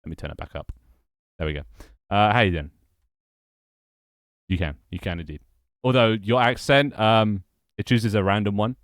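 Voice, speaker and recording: A man's voice: fairly low pitch, normal speed, pauses often, no room sound, studio quality. A young man chatting casually on a livestream, rambling and repeating his phrases as he greets viewers. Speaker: streamer and game developer.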